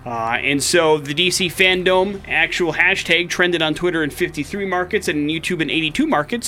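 Chatty male morning show host, lively storyteller, bright timbre. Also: fairly high pitch, moderate pace, hardly any pauses, faint music behind. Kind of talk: casual radio banter and storytelling. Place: radio studio.

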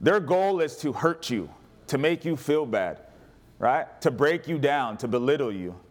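A man preaching a sermon as pastor, animated and humorous, calling on the congregation to respond. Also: medium pitch, measured pace.

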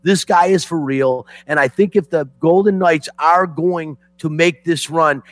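Excitable emotional sports talk man. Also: a little high, unhurried, dry recording. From Detroit. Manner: excitable, emotional, swings loud and soft. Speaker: sports radio host.

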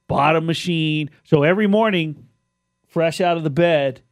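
50s guy on a radio show, slightly high voice, rambles n restarts, dry studio sound. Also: moderate pace, dry recording. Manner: rambling storyteller with many restarts. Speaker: radio co-host. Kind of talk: casual chat.

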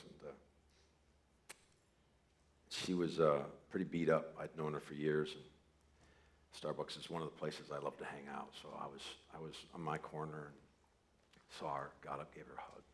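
A man preaching a sermon, telling a personal story, starting soft and building to loud emphasis. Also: extremely low pitch, flat delivery, normal speed, pauses often. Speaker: pastor.

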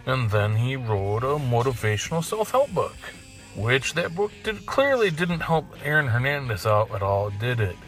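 A man's voice: mid-range voice, big pitch swings, normal speed, a bit bright, soft background music. A man hosting a podcast, rambling through a crude, jokey monologue and swearing freely. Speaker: podcast host.

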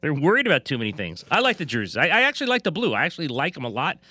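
Bright, lively man chatting casually. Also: a little high, racing, no echo. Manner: laughs often, trails off and restarts. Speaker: sports talk co-host. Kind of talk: casual chat.

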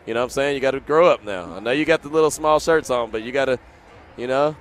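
A man's voice: mid-range voice, fast, a little hiss or hum. A man hosting live sports radio outdoors at a stadium, upbeat and full of hype, repeating phrases. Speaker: radio host.

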